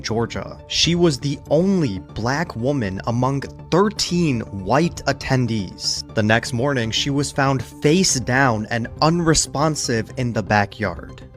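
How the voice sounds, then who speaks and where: A man reading a short true-crime account in scripted narration, even and somber. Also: medium pitch.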